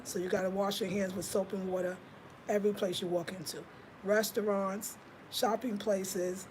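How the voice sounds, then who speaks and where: A woman's voice: mid-range voice, a little hiss or hum, rough recording. A middle-aged woman, chatting casually and animatedly with viewers on a live stream. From United States. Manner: animated, laughs at herself, talks to viewers directly. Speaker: vlogger.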